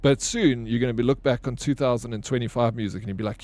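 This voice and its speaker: With a mid-range, slightly mellow voice and a quick pace, a young man streams a video game while joking around with his chat. He swears freely in this casual live-stream talk.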